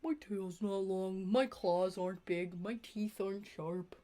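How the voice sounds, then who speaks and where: Insecure cuddly dog, slow sheepish delivery, a woman putting it on, mid-pitched. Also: steady tone, warm tone, close to an everyday voice. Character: shy insecure pet dog, gentle and cuddly.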